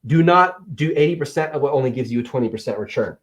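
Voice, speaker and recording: A man in his thirties hosting a live-stream Q&A from an office, answering chat questions on selling with energetic, playful teasing. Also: medium pitch, fast. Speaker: livestream host and Amazon seller coach.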